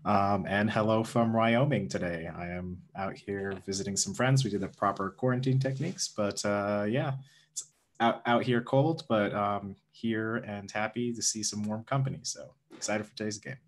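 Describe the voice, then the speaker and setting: A man introducing himself as a tabletop game player, relaxed and friendly. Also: fairly low pitch, moderate pace. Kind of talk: casual chat.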